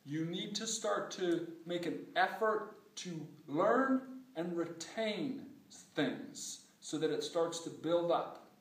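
A high-voiced man gives a Spanish lesson, speaking slowly and with emphasis. He repeats each phrase for drilling. The voice sounds far off in a very echoey room. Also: expressive. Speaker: Spanish teacher. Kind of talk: spoken language lesson.

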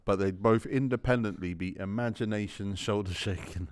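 A man's voice: on the low side, moderate pace, clean tone, no echo. A man hosting a casual podcast, telling stories and reading out audience questions in a laid-back way. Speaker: podcast host.

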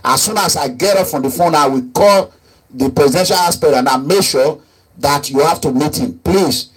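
A man's voice: on the high side, moderate pace, breathy edge, faint music behind. A man hosting a live online call-in, pleading and repeating himself. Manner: pleading, repeats himself, switches into Nigerian pidgin. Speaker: online talk host. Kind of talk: live-streamed call-in talk.

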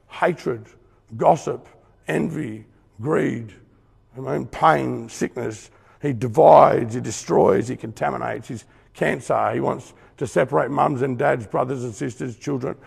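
Middle-aged Australian preacher, earnest and emphatic, husky gravelly voice, long hall reverb. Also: male voice, mid-range voice, darkish tone. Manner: earnest, emphatic, conversational, with acted-out asides. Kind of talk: testimony sermon.

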